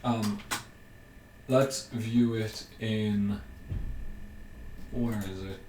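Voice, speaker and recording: A young man giving casual commentary over a video game he is playing, thinking aloud with ums and bursts of excitement. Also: fairly low pitch, extremely slow. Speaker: gaming YouTuber. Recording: roomy, mic at a distance, faint hiss.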